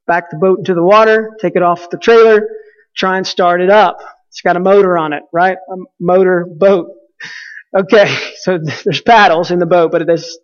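A man's voice: high voice, long reverb tail, muffled recording. A man preaching a sermon, telling a personal story in a conversational way and asking the audience questions.

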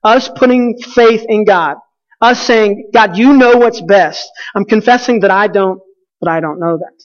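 Male preacher, high-pitched for a man, conversational storyteller, with a dull, muffled recording. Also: measured pace, long reverb tail. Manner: storytelling, conversational, asks the audience questions. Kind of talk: sermon with a personal story.

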